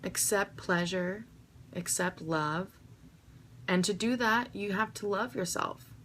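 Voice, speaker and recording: A woman's voice: medium pitch, steady tone, slow pace, fairly bright tone, a little hiss or hum. A young woman vlogging to her viewers in an emotional, heartfelt way, swearing freely and urging them to love themselves. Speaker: vlogger answering viewer questions. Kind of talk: emotional direct-to-camera vlog.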